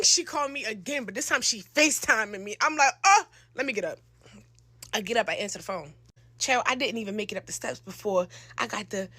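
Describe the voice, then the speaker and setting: Animated young woman telling a storytime. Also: on the high side, brisk, dry recording. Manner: animated, slangy, acts out quotes with loud shouts. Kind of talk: storytime monologue.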